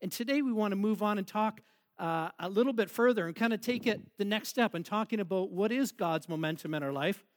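Preaching to his church, a pastor with a voice that sits high and moves fairly quickly jokes around and laughs with the congregation in a playful manner.

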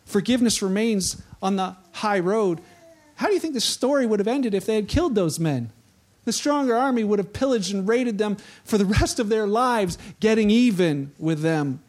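A man preaching a conversational sermon, telling a story in an animated way and acting out the voices. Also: high-pitched, moderate pace. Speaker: pastor.

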